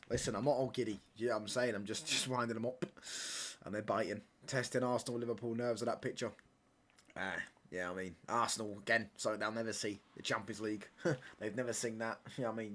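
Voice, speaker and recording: A young man, talking casually as he streams a football match. He ribs rival fans with cheeky banter, laughs often and caps his lines with mate and pal. His voice sits at an ordinary middle pitch for a man. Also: pushed and bright. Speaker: football watch-along streamer. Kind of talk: live casual chat over a match.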